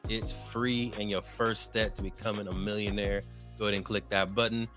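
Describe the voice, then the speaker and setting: A man's voice: lowish voice, level tone, moderate pace, fairly bright tone, roomy sound, faint music behind. A man hosting a casual podcast, talking with an upbeat, hype-man delivery and leaning on repeated catchphrases. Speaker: podcast host. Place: vacation lodging abroad, indoors.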